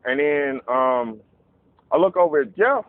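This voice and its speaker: A man telling a casual, profane story, animated and acting out voices in quotes. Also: on the high side, a little slow, no echo. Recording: narrow phone-like dry sound.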